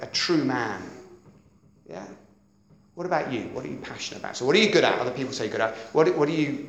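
Man, middle-aged, sermon, conversational and lively, keeps checking in, echoey church hall. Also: mid-range voice, slight background noise. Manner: lively, conversational, keeps asking "does that make sense?". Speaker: preacher.

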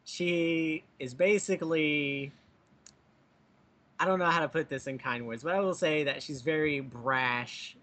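A man's voice: on the high side, a little slow, fairly bright tone. A man co-hosting a podcast, chatting casually and joking about being a Bigfoot. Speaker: podcast co-host. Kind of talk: casual chat.

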